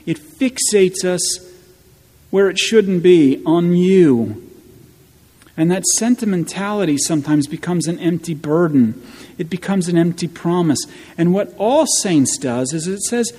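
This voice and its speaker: A man preaching a sermon as pastor, slow and emphatic, with wry asides, in a church. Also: high voice, animated, dark tone. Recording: long church reverb.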